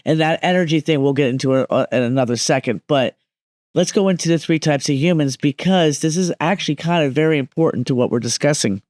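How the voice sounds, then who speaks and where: A woman's voice: low-pitched, quick pace, a little mellow, dry recording, studio quality. A woman speaking as a medium guest on a podcast, explaining emphatically and often checking that listeners follow.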